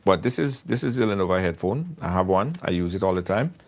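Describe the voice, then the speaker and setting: Animated man hyping products. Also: low voice, a little fast. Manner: storytelling, excitable, repeats himself. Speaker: live show host doing product ads. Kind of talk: animated live-stream ad chat. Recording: faint music behind.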